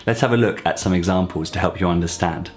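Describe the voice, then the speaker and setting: A man teaching an online language lesson, explaining clearly and repeating example phrases slowly. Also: low-pitched. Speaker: French teacher.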